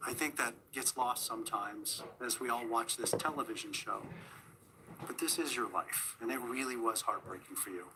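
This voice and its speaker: A man hosting a television show, asking steady, measured questions in an interview. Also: mid-range voice, background noise. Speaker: TV show host.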